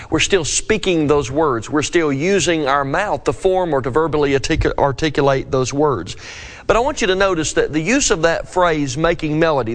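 A man preaching a devotional scripture lesson, asking his listeners earnest questions. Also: on the high side.

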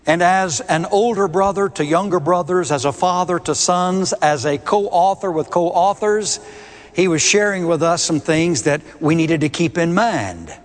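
A man preaching a sermon, emphatic and deliberate, hammering home key words by repeating them. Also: high-pitched. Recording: long reverb of a large hall.

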